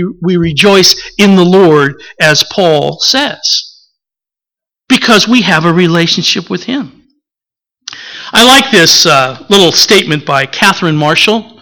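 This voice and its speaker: An older man preaching a sermon, telling the story with animated acted-out quotes before teaching on the text. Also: sits high, poor audio. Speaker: pastor.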